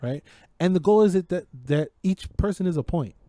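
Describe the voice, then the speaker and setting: A man co-hosting a podcast, telling a story in casual, profanity-heavy chat that keeps building in excitement. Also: high-pitched, a little fast, dry recording. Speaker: podcast co-host. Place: home podcast setup.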